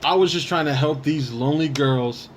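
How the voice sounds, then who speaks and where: A man's voice: a little high, moderate pace. A man co-hosting a casual podcast, telling rambling stories and bantering defensively with friends. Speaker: podcast co-host. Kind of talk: casual chat. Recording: faint background noise.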